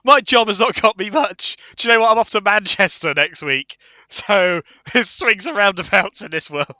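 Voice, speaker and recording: A man co-hosting a casual podcast, loud and quick to laugh. His voice is very bright and a little high for a man. The sound is dry and close. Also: no echo. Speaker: podcast co-host. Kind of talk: casual banter.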